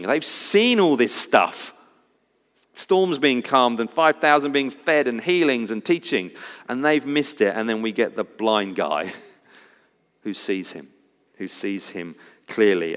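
A man preaching a sermon, swinging from loud cries to hushed, intense moments. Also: medium pitch, long reverb tail.

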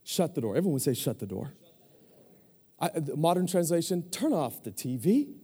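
A pastor in his forties delivers a lively sermon, calling on the congregation to answer back. His voice sits fairly high but sounds mellow. A long reverb from a big hall trails his words. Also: normal speed, slightly rough. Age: 40s. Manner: energetic call-and-response preaching.

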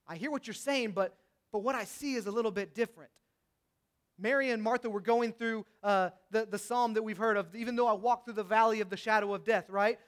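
A young male preacher with a notably high voice delivers a sermon. He builds to passionate, raised outbursts, then drops to hushed and reflective tones. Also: brisk.

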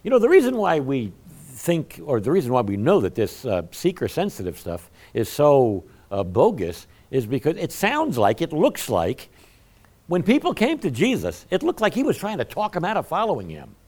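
This pastor's voice is fairly high and moves at a normal speed. His sermon is conversational and animated, full of humorous jokes at his own expense, and he speaks straight to the congregation.

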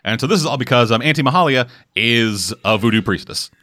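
A man co-hosting a podcast, telling a story in casual, profane, animated chat. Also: mid-range voice, fast talker. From Canada. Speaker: podcast co-host.

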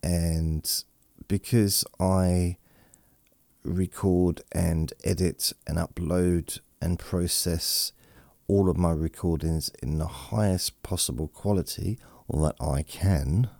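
Deep gravelly man, slow and drowsy. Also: fairly even intonation, warm tone, no echo. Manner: meandering, self-deprecating, drowsy. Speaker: podcast host. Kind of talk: rambling bedtime podcast monologue. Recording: processed close-mic studio voice.

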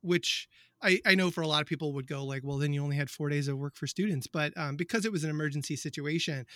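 A man's voice: on the high side, sharp tone, no room sound, studio quality. A man who teaches biology, chatting in a rambling, easygoing way and laughing often. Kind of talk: casual conversation.

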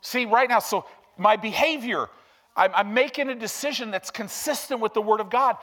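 A male preacher giving an emphatic, animated sermon that swings from hushed to loud. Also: very high-pitched, moderate pace.

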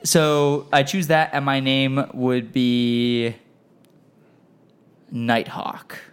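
A man's voice: medium pitch, level tone, drawn-out words, clean tone. A man hosting a casual podcast chat, reading out listener questions and laughing often. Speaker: podcast host.

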